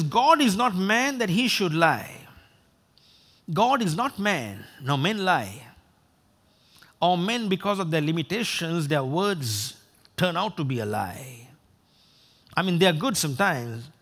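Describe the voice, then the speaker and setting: Lively high-voiced male preacher. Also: measured pace. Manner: animated, acts out quoted voices of God and people; repeats and restarts words often. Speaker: pastor. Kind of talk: sermon.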